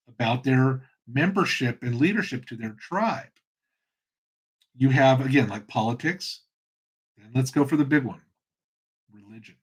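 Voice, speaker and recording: A middle-aged man hosts his own channel, delivering a casual monologue in a loose, rambling, conversational style. His voice is mid-range and husky.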